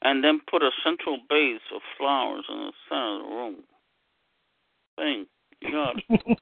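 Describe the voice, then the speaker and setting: A man's voice: mid-range voice, moderate pace, vocal fry, no echo, phone-quality sound. A man chatting on an online group call, rambling and joking with the others. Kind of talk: casual group chat.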